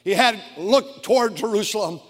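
High-voiced preacher in a reverberant hall. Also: male voice. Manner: swings from low, quiet lines to shouted peaks; reads scripture slowly, drawing out words. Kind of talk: fiery sermon.

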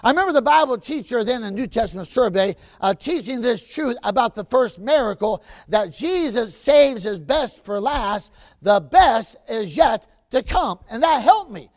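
A middle-aged man preaching a storytelling sermon, animated, stretching words and breaking into sudden shouts. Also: extremely high pitch, normal speed, few pauses, no echo.

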